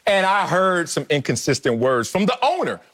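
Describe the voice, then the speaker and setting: A man's voice: a little high, big pitch swings, normal speed, fairly bright tone. A man co-hosting a sports talk show, arguing emphatically and playfully, often laughing as he makes his point. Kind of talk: animated sports debate.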